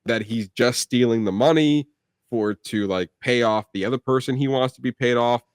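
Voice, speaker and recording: A young man co-hosts a film review podcast in a clear, resonant, medium-pitched voice at a moderate pace. He rambles casually, using lots of "like," fillers and restarts. Clean studio sound, no room echo.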